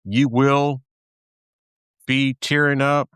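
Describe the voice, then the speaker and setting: Podcast host, man from Texas, mid-pitched, smooth voice, loose rambling delivery. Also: level tone, extremely slow, a bit bright, dry recording, studio quality. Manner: rambling, many fillers and restarts. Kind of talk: casual chat.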